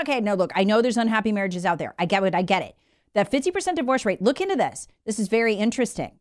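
Hosting a talk show, a woman with a mid-range voice reads listener comments aloud between bursts of opinionated monologue. Her manner is lively, chatty and forceful, recorded dry and clean in a studio.

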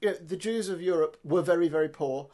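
Man, somewhat high voice, podcast host, hesitant, repeats words. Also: fast, dark tone. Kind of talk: interview questions.

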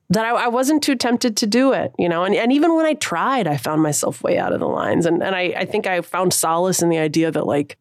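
A woman's voice: on the low side, expressive, brisk, no echo, clean studio sound. A woman musician in her thirties, talking casually and thoughtfully in an interview, using slang and laughing often. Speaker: musician guest.

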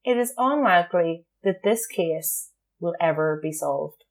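A woman's voice: fairly low pitch, lively intonation, a little slow. A woman co-hosting a podcast, telling a true crime story in a casual chat and laughing often. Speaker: podcast co-host.

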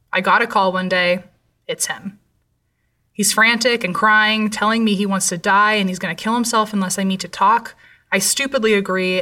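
Bright-voiced woman narrating a horror story. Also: mid-range voice, recorded from a distance.

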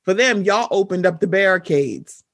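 A young woman co-hosts a casual chat. She keeps slipping into acted-out quoted reactions to make her points. Her voice sits at an ordinary middle pitch, recorded close and dry. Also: normal speed, no room sound. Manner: animated, acts out her own reactions in quoted asides.

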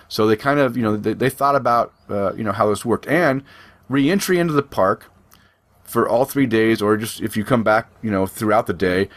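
Rambling middle-aged man, casual chat. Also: mid-range voice. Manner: rambling, conversational, frequent restarts.

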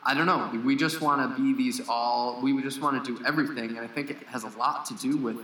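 Bright-voiced blunt man in an echoey room. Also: mid-range voice, fairly even intonation, quick pace. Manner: blunt, frank, swears casually. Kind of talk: casual conversational podcast. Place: lives in Costa Rica.

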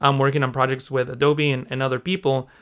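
A man's voice: medium pitch, quick pace, clean tone. A man who is a guest on a podcast, chatting casually and laughing often as he tells stories. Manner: laughs often, animated storytelling. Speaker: podcast guest, YouTube creator.

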